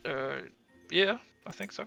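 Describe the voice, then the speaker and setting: A man's voice: fairly high pitch, measured pace, vocal fry, lo-fi sound, music in the background. A man playing in a tabletop game, reasoning aloud in a laid-back way. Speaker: player. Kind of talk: casual tabletop game chat.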